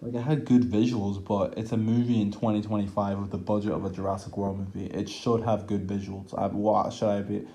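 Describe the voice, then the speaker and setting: A young man rants through a film review, exasperated and swearing freely, his talk stuffed with "like" and sighs of disgust. His voice sits low and sounds mellow and warm rather than bright. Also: flat delivery, fairly quick, hardly any pauses. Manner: exasperated, profane, lots of "like" fillers. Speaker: movie reviewer.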